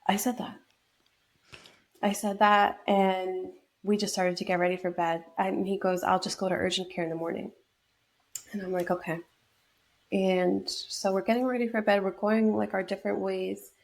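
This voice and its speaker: A woman's voice: medium pitch, flat delivery, moderate pace, vocal fry. A young woman from New York state, a podcast guest telling a personal story in a reflective way, with many fillers and restarts. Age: young adult.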